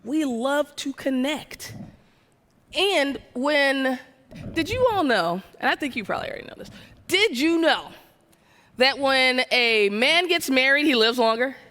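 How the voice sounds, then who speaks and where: A Southern American woman with a high voice gives an energetic, conversational motivational keynote at an unhurried pace, constantly firing questions at the audience. She's in a large event hall, and the recording carries long hall reverb.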